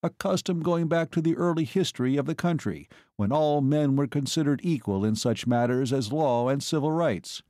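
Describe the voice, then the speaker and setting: A man reading an audiobook, voicing a calm, even-tempered army captain who speaks mildly and courteously. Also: on the high side, moderate pace, few pauses, no echo, studio quality, pitched above the performer's own voice, natural voice.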